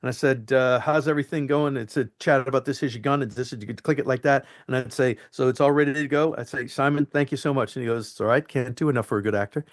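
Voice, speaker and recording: A man, an actor being interviewed, telling animated stories from film sets and acting out the lines. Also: mid-range voice, fast, few pauses. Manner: animated, acts out quotes and lines. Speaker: actor guest. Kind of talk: anecdotal interview storytelling.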